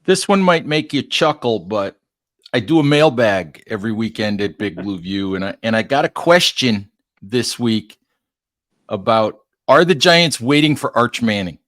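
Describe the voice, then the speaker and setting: With a mid-range, slightly bright voice and lively intonation, a man unhurriedly asks questions on a podcast. He's a host and writer, and his interviewing style is conversational and wry.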